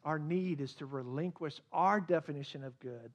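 A man preaching a sermon as a pastor, swinging between loud emphasis and quiet asides. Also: on the high side, moderate pace.

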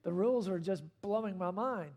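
A man delivers a sermon in a fairly high voice, pressing hard on key words and then dropping low and soft. His preaching rises and falls in intensity as he drives each point home. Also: normal speed. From not from Australia. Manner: emphatic preaching with rising and falling intensity. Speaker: pastor.

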